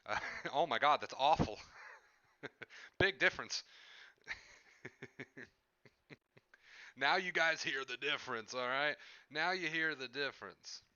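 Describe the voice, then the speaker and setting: A man's voice: medium pitch, measured pace, pauses often, bright, forceful tone, clear, resonant tone, no room sound, lo-fi sound. A man streaming live from home, chatting casually with his viewers into a headset mic and often repeating himself. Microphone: headset microphone.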